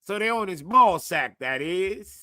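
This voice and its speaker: A man's voice: sits high, lively intonation, a little slow, bright, forceful tone. A man live streaming in casual chat, profane and hyped, pushing his viewers.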